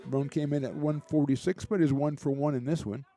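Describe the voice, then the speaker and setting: A man doing relaxed, chatty play-by-play commentary for a college baseball game, with small asides and jokes between pitches. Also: fairly quick, soft background music. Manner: relaxed, chatty, lightly joking between pitches, rising excitement on big plays. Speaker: play-by-play announcer.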